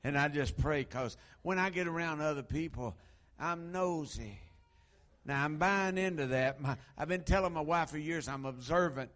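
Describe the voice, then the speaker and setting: Middle-aged preacher guy, highish voice, goes from hushed to loud and folksy. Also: normal speed. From Harlan County, Kentucky. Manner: folksy storytelling, swinging from hushed asides to loud exhortation. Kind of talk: sermon.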